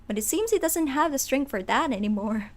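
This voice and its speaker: A woman's voice: high voice, a little fast. Playful woman streamer reading game text. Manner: animated, playful, reads narration with asides to chat. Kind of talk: casual let's-play, reading game text aloud.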